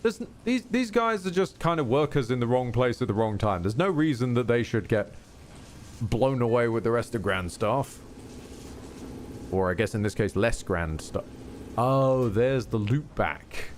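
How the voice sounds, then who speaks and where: A man's voice: mid-range voice, animated, normal speed, a little hiss or hum. A man streaming a video game, chatting casually with rambling asides and frequent self-corrections. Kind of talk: casual live gameplay commentary.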